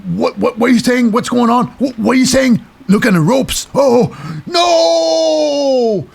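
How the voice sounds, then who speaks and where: A man voicing a flustered male wrestling referee, shrill and frantic. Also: unhurried, vocal fry, full character voice. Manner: high-pitched, frantic, shouting.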